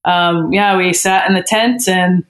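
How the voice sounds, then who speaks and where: A woman guest on a podcast, telling a personal story in a candid, heartfelt way with frequent pauses and restarts. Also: lowish voice, steady tone, a bit bright.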